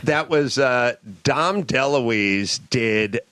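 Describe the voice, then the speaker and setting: A man hosting a podcast, telling a casual story and acting out the people he quotes with lively voices. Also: mid-range voice, drawn-out words, a little hiss or hum. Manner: animated, acts out quotes in other voices. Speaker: podcast host. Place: ship cabin.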